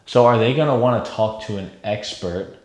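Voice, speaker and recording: Guy with a lowish voice coaching sales, upbeat, keeps saying okay, roomy echo. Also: moderate pace. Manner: energetic, coaching, frequent "okay?" check-ins. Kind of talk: sales training lesson.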